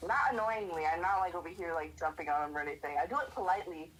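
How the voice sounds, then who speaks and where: A woman streamer with a lowish voice races through casual stories, saying "like" constantly. The audio is poor, with a little hiss or hum.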